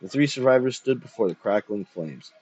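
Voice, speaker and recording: A man reading a short horror story aloud in low, hushed narration. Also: animated, brisk, slight background noise. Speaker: reader. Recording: dull lo-fi sound.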